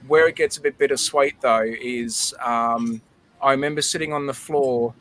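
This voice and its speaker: A man's voice: mid-range voice, steady tone, normal speed, fairly bright tone, poor audio. A middle-aged Australian man on a video call, telling a nostalgic, emotional story in a chatty way with lots of fillers. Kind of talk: casual storytelling.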